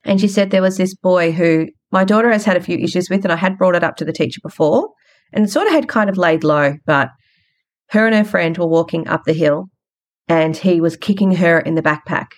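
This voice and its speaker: A woman's voice: fairly low pitch, fairly quick. A woman hosting a podcast, telling a story in a frank, chatty way. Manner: frank, chatty, retells conversations. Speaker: podcast host. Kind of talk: casual storytelling monologue.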